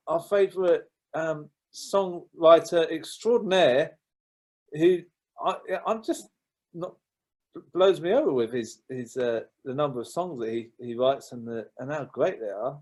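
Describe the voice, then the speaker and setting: A man hosting a casual political chat, talking haltingly with many fillers and restarts. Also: on the high side, darkish tone. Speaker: host. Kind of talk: casual chat on a video call.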